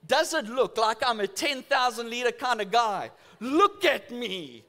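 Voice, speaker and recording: A man's voice: very high-pitched, moderate pace. A man preaching a sermon in church, telling stories with acted-out voices. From South Africa. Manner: animated storytelling with acted-out voices. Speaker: pastor.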